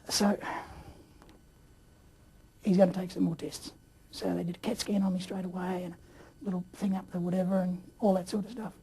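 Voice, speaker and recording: A man telling his story in a rambling way, with many fillers and throat clearing. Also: high-pitched, steady tone, fairly quick, warm tone. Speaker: interview guest. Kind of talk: casual storytelling.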